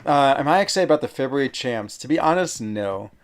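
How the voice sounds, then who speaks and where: A man's voice: medium pitch, lively intonation, brisk, soft background music. A man streaming a mobile game, chatting casually and rambling, often stopping with fillers to search for words. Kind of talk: casual live-stream chat.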